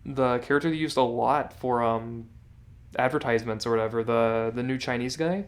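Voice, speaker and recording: A man's voice: mid-range voice, normal speed. A man co-hosting a podcast, chatting casually with lots of filler words. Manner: laid-back, chatty, uses dude and like a lot. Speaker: podcast co-host. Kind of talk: casual chat.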